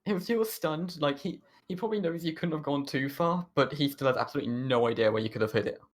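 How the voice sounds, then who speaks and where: A man's voice: fairly high pitch, fast, noisy background. A man running a tabletop game on a stream, narrating with frequent ums, restarts and laughs. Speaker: game master.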